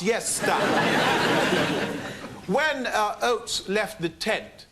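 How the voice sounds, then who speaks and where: A man giving a mock-grand comic speech in a debate, with a deadpan delivery. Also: high-pitched, drawn-out words, very noisy.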